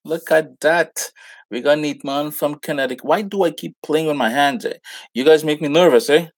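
A gravelly-voiced man with a Trinidadian accent hosts a live cooking stream. He talks in an easygoing, casual way and greets viewers by name with Caribbean slang. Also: fairly high pitch, normal speed. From Trinidad and Tobago. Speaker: cooking show host.

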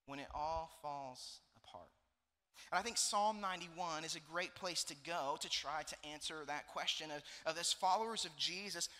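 A man in his thirties preaching a sermon as pastor, telling a story in an animated, joking way. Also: on the high side. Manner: animated storytelling with laughs and asides. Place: church auditorium. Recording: long hall reverb.

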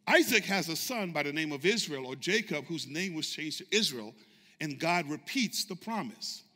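A high, wildly lively male pastor preaches with fervor, shouting lines and drawing his congregation into call-and-response. His tone is piercingly bright and sharp, and his voice rings through a church hall with a long reverb. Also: normal speed. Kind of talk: sermon. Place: church sanctuary. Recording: echoey church sanctuary reverb.

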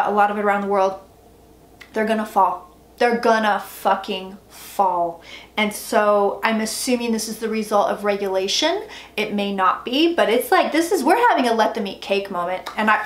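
A woman reads tarot in a rush of excited, emphatic speech, swearing freely as she talks like an auctioneer. Her voice sits a little high. The room gives an echo and a faint hiss underneath. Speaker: psychic tarot reader. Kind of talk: excited tarot reading monologue. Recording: echoey room with faint noise.

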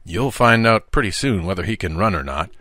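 A man voicing a confident schoolboy with a brisk, slightly superior manner in an audiobook reading. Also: low voice, lively intonation, pushed and bright, dry recording, studio quality. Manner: brisk, self-assured, slightly lofty.

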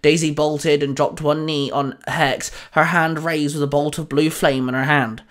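A man's voice: fairly high pitch, normal speed. Man reading a fan story aloud. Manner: steady storytelling read. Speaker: fanfiction narrator.

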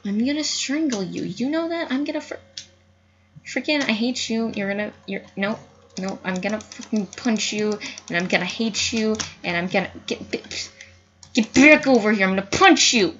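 A young woman giving casual gameplay commentary, excitable, swearing and yelling at the screen. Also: mid-range voice, moderate pace, highs cut off, slight background noise. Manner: excitable, yells at the screen, frequent cussing. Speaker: gaming youtuber.

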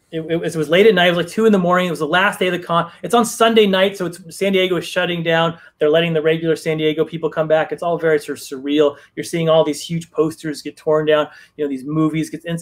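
A man on a video call telling a long story casually, with many fillers and restarts. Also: on the high side. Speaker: guest writer.

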